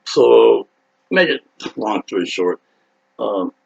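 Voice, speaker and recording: A man with a low, gravelly, husky voice tells a rowdy story in a loose, rambling way. He swears freely and jumps into loud acted-out quotes. The sound is dull and lo-fi. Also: slow. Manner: excitable, profane, acts out quotes loudly. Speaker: rock singer telling a story.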